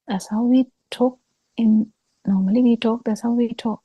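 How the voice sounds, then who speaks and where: A woman giving a Buddhist talk over a video call, speaking slowly with halting pauses and fillers. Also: medium pitch, warm tone, husky, no echo, rough recording. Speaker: Buddhist teacher.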